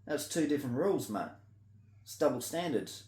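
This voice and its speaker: A man with an Australian accent in a blunt, sweary rant to camera, swinging between loud outbursts and low mutters. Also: lively intonation, normal speed, reverberant. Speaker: vlogger. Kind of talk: ranting monologue to camera.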